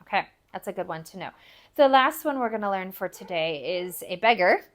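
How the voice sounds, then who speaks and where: A woman teaching a language lesson, repeating foreign phrases slowly and carefully for learners. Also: mid-range voice, lively intonation.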